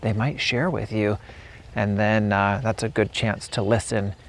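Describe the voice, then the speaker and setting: A man with a gravelly, creaky voice gives a relaxed spoken English lesson at a slow, steady pace. He repeats each example phrase to demonstrate it, with faint outdoor sound behind him. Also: on the low side, slight background noise. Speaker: English teacher. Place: outdoors on a walk.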